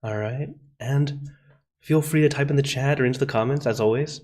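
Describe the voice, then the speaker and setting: Meditation host, male, mid-pitched; easygoing welcome with light laughs, then slow, soft breathing guidance. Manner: friendly, laughs softly between greetings. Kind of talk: live-streamed guided meditation. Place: outdoor meditation garden. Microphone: video call.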